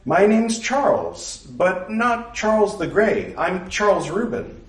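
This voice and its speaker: A man's voice: high voice, animated, slow, pitched above the performer's own voice. A man reading a story voices a polite, awkward young man who talks hesitantly. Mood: earnest, awkward. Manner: hesitant, apologetic. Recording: roomy, distant mic.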